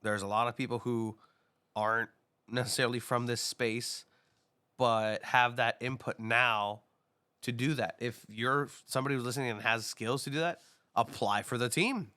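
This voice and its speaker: Podcast co-host, male, bright voice, pushy and animated. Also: medium pitch, normal speed. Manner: animated, urging, repeats himself. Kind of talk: casual podcast chat.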